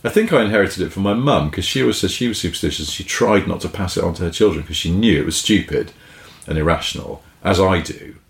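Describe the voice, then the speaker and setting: A man's voice: sits low, fast talker, vocal fry, reverberant. A man co-hosting a podcast in casual chat, who swears freely and laughs often. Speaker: podcast co-host. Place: caravan.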